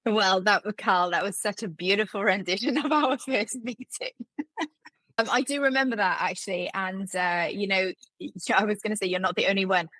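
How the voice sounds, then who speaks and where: A woman's voice: medium pitch, moderate pace, a bit bright, no room sound, rough recording. A woman in her forties, a health consultant speaking as a podcast guest in a direct, frank way and laughing easily. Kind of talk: conversational interview.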